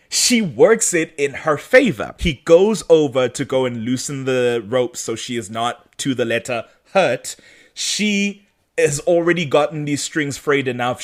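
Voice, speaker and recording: A man co-hosts a podcast in an animated, chatty way, often breaking into laughter. His pitch swings widely as he recaps, keeping the energy high and playful. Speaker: podcast co-host. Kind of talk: casual episode recap chat.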